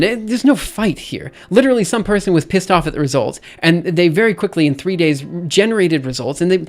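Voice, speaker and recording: A man's voice: fairly high pitch, lively intonation, fairly quick, hardly any pauses. A man streaming, reading a research paper aloud and ranting about it in an exasperated voice that keeps repeating and restarting itself. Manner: exasperated, repetitive, restarts often. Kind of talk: casual ranting commentary.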